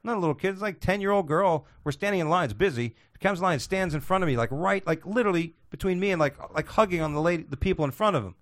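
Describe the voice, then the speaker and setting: A man's voice: high voice, fast, few pauses, fairly bright tone. A man ranting in heated casual conversation, swearing often and restarting his sentences. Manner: ranting, profane, many restarts.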